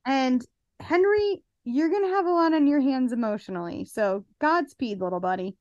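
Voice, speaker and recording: High-voiced chatty woman, sarcastic. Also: lively intonation, normal speed, a little mellow, dry recording, muffled recording. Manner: chatty, sarcastic, acts out quotes. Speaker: podcast co-host. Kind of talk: casual chat recapping a reality show.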